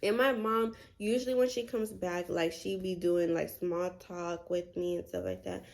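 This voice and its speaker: A woman in her twenties telling a story to her viewers in a vlog, animated and chatty, full of "like" and "y'all". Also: on the low side, moderate pace. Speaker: vlogger.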